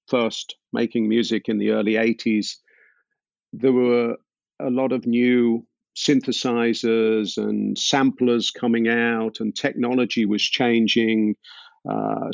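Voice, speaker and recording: A man being interviewed as a musician, telling stories thoughtfully with many pauses and fillers. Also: medium pitch, vocal fry, no echo. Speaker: musician guest. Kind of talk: relaxed interview storytelling. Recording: dull, dry lo-fi sound.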